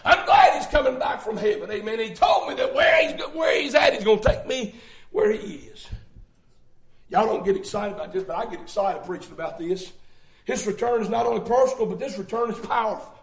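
A male preacher, delivering a fervent sermon in rhythmic repeated phrases that break into shouts. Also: high-pitched, lively intonation, brisk, roomy sound.

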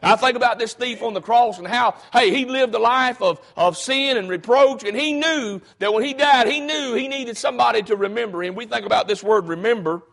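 Male preacher, very high pitch, calm explaining that climbs to impassioned shouting, talks straight to the pews. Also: brisk, vocal fry, few pauses. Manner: builds from calm explaining to loud, fervent preaching with calls of "hey"; frequent fillers and restarts, rhetorical questions to the congregation. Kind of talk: sermon.

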